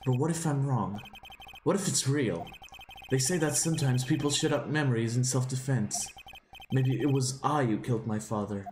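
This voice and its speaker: A man voicing a haunted young male prosecutor in a game, reading slowly and somberly. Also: mid-range voice, darkish tone, a little hiss or hum, lightly acted. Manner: slow, somber confessional reading. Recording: roomy, with game music behind.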